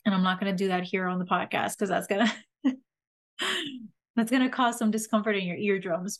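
Woman gently guiding a breathing exercise. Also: medium pitch, fairly even intonation. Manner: gentle, slow guiding instructions with soft laughs. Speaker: podcast host leading a somatic exercise. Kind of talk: guided breathing and humming exercise.

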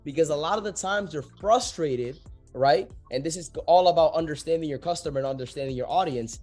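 A man's voice: on the high side, brisk, darkish tone, faint music behind. A young man, a real estate agent, talking casually and acting out both sides of sales calls, swearing freely. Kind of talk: casual podcast talk, explaining sales calls.

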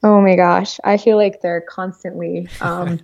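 A woman speaking as an interview guest, telling stories in a lively, rambling way with lots of fillers. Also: fairly low pitch, unhurried, gravelly. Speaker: guest entrepreneur. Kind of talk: casual storytelling interview.

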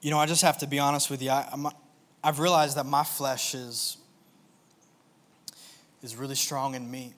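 A young man preaching and telling a personal story in an earnest, confessional way, often halting and restarting. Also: medium pitch, level tone, fairly bright tone. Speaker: worship pastor.

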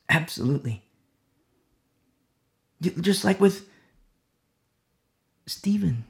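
Man preacher, gravelly voice, sermon delivery that falls to whispers and rises again, stumbles over repeated words. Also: a little high. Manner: swings from loud acted quotes to hushed whispers.

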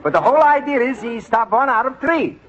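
A courteous adult student who answers earnestly. His voice is high-pitched. It comes through a muffled 1940s radio recording. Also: animated, brisk, a bit bright, slight background noise. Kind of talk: 1940s radio sitcom acting. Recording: muffled old radio broadcast.

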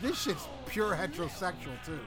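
Man, casual co-host, crude rambling storyteller, slightly raised pitch, music clearly under the talk. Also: lively intonation, moderate pace. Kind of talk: casual chat.

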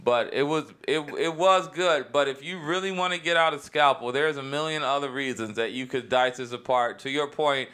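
A comedian chats as a guest on a podcast, laid-back and joking. His voice is bright and forward, with a clean, crisp tone. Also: mid-range voice, normal speed, few pauses. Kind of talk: casual podcast chat.

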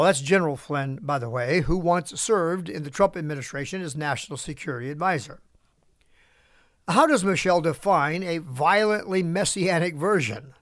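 A man's voice: a little high, no echo, clean studio sound. A middle-aged man hosting a podcast, reading out an opinion monologue with asides and chuckles. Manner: reads prepared remarks with asides and chuckles. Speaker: podcast host.

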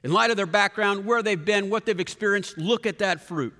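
A man's voice: sits high, a little fast, pushed and bright, long reverb tail. A man preaching a sermon as pastor, in a conversational way, with restarts and asides to the congregation.

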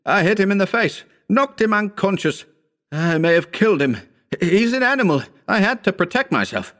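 A man's voice: big pitch swings, moderate pace, a bit bright. A man voicing a wounded, panicked man in an audiobook reading, strained and urgent. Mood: shaken, urgent. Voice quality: strained high pitch. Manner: gasping, urgent pleading. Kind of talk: audiobook character voice.

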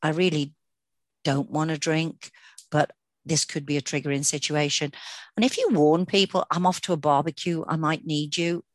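A woman's voice: sits low, fairly even intonation, normal speed, no room sound. A woman co-hosting a podcast, talking in an earnest, chatty way with many fillers and restarts. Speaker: podcast co-host. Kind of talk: casual podcast chat.

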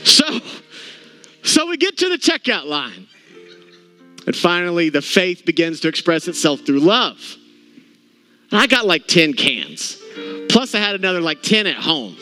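A male pastor preaching with a lively, swooping delivery and a bright, forceful tone. He tells a self-mocking story and acts out the voices in it. Faint music sits under the service. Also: high-pitched, a little slow, pauses often. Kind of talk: humorous storytelling sermon. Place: church service.

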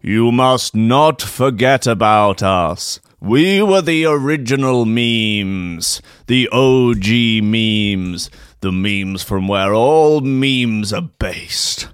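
A man voicing a solemn ghost who gives slow, grave warnings in a lowered voice. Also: clear, resonant tone, no echo, studio quality. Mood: ominous. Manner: slow, grave, portentous delivery. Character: solemn ghost of old memes, warning sleeper.

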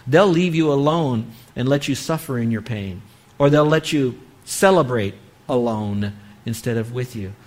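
A man preaching a sermon on parenting, earnestly acting out what a parent might say. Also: fairly high pitch. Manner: earnest, acts out parent-child dialogue. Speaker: pastor.

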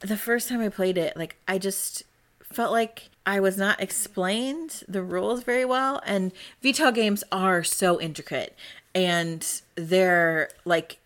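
A woman's voice: medium pitch, takes it slowly, a bit bright. A woman co-hosting a podcast in casual chat, chatty and rambling, laughing often. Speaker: podcast co-host.

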